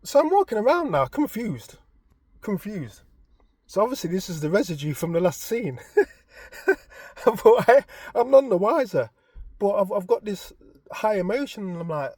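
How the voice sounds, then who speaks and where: A man, casually retelling a story in an animated, expressive way. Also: sits high, moderate pace, pauses often, no echo. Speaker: vlogger.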